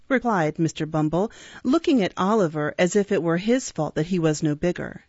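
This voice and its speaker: A woman narrating a classic novel in a measured, expressive reading voice. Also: lowish voice, no room sound. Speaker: audiobook narrator. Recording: dull, dry recording.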